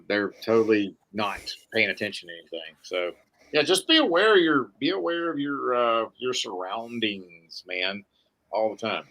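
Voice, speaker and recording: A man's voice: on the low side, sharp tone. A man chatting on a podcast, rambling with many restarts and folksy sayings. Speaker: podcast co-host. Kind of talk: casual podcast chat.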